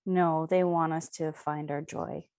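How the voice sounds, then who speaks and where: Affirming woman with a lowish voice. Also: flat delivery, a little slow, darkish tone. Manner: encouraging, affirming. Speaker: podcast guest. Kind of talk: supportive casual conversation.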